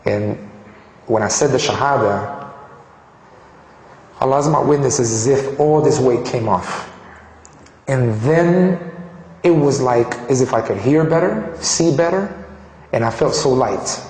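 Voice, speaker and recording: A man from Colombia giving a personal testimony, animated and restarting phrases as he tells his story. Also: medium pitch, a little slow, pauses often. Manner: animated, acts out quoted dialogue, frequent restarts. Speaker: speaker sharing his conversion story. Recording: echoey hall reverb.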